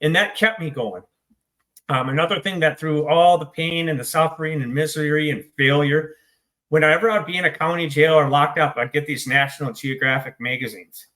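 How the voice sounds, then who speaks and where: A man's voice: a little high, moderate pace, bright, forceful tone. A middle-aged man from the United States, telling his own recovery story in an interview, blunt and swearing, self-deprecating. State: choked up. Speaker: interview guest, author in recovery.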